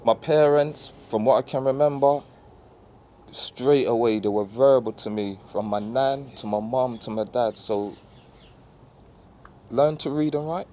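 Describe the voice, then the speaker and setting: A man's voice: mid-range voice, mellow, a little hiss or hum. A man talking in a reflective, earnest way, telling loose stories in a casual chat.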